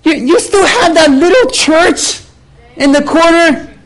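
A man's voice: extremely high pitch, lively intonation, unhurried, a bit bright, pitched above the performer's own voice, full character voice, rough recording. A male pastor voicing a cheerful, tactless churchgoing woman who pries with sweet questions. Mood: sugary prying. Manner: sweet, prying.

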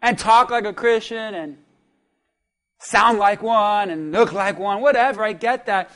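A male pastor preaching a sermon, animated, with call-and-response, swinging from quiet asides to shouts. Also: high-pitched, a little slow.

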